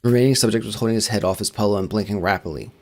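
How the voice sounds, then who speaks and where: Fast-talking low-voiced male narrator. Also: a little mellow. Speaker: narrator and channel host. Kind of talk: dramatic creepypasta reading.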